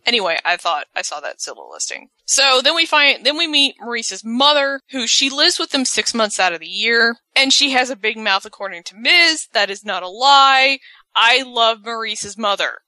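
Bright, chatty woman podcast co-host. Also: a little high, normal speed, dry recording. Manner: chatty, animated, slips into quoted voices. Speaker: podcast co-host recapping a reality show. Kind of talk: casual chat.

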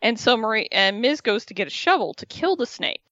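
A woman's voice: a little high, big pitch swings, a little fast, a bit bright, no echo, lo-fi sound. A woman co-hosting a casual podcast, recapping a reality show with chatty storytelling and playful put-on voices for the people she quotes. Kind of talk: casual chat.

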